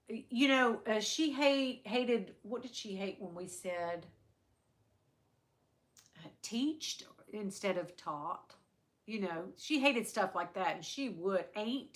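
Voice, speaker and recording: A woman's voice: medium pitch, a bit bright. A woman from the American South with a Southern accent, chatting casually and rambling with live viewers as a stream host. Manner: chatty, rambling, many restarts. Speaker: livestream host.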